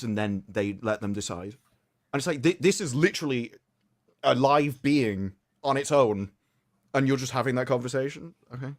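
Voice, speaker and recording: A man's voice: medium pitch, moderate pace, a bit bright. A man co-hosting a casual political chat stream. He is blunt and sarcastic and mocks others in put-on voices. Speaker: co-host.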